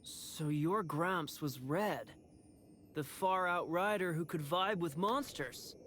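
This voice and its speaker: A laid-back young surfer-dude rider in a video game. His voice sits a little high and rolls out in an unhurried, easy drawl. A faint hiss runs under it. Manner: slow, mellow surfer drawl.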